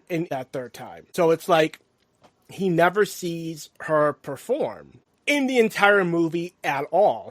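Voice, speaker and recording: A man co-hosting a film podcast, talking casually and acting out character lines in quick bursts. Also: fairly high pitch, no room sound, studio quality. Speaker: podcast co-host.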